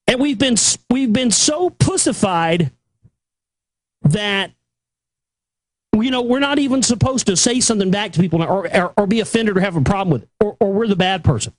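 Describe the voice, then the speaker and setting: A male talk show host delivering an angry, profane rant that keeps building toward shouting. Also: high-pitched, animated, moderate pace, pauses often, no echo. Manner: aggressive, profane, escalating to shouting.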